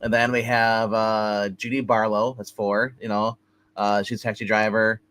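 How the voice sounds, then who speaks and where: A man co-hosting a movie review show, talking casually in a rambling, halting way and often restarting his sentences. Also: fairly low pitch, level tone, fairly bright tone.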